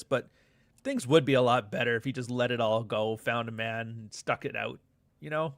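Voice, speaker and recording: A man's voice: medium pitch, animated, normal speed, fairly bright tone, dry recording. A middle-aged man hosting a live show, chatting casually with viewers and reading their comments in a loose, profane, joking way. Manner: loose, profane, joking banter with frequent asides.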